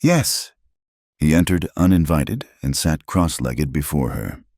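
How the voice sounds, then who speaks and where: A man reading a frontier romance story aloud in a measured, dramatic narrating voice. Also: very deep voice, a little mellow, no echo, studio quality.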